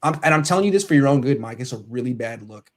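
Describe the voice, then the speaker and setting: A man's voice: medium pitch, animated, racing. A man hosting a casual sports talk show, ranting animatedly and reading out viewer comments.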